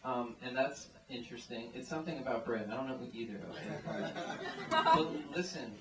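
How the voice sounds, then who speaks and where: A stand-up comic's mid-range voice swoops wildly in pitch at a normal speed as he rambles through jokes thick with "like" and "um." The small venue is echoey, the mic sits far off, and a loud crowd adds heavy background noise.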